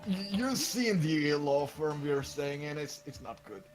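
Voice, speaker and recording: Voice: mid-range voice, expressive, a little slow, faint music behind, natural voice. A man doing a hearty rebel leader. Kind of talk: fan voice acting over a game.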